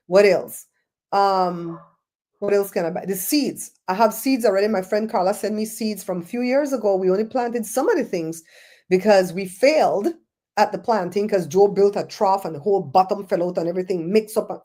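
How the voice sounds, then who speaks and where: Belizean lady rambling on her livestream, chatty storytelling, mid pitch. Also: warm tone. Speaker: show host. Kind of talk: casual livestream chat, reading comments.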